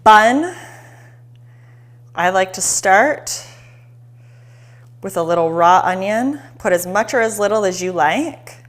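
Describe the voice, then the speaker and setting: A woman hosting a live-streamed cooking demo in a home kitchen, chatty and excitable, talking straight to her viewers. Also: medium pitch, slow pace, pauses often. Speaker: cooking show host.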